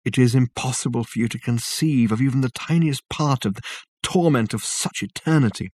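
A man's voice: mid-range voice, brisk, darkish tone, slightly rough, no echo, close to an everyday voice. A man voicing a tormented, ancient male alien ghost who speaks abjectly and begs for release. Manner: abject, pleading, mournful.

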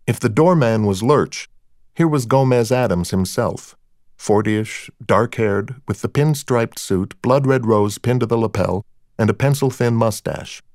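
A man reads a first-person crime novel aloud in a dry, wry storytelling manner. His pitch sits in the middle range. The recording is close and dry with no room sound. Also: unhurried, darkish tone, no room sound. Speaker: narrator. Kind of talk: audiobook narration of a crime novel.

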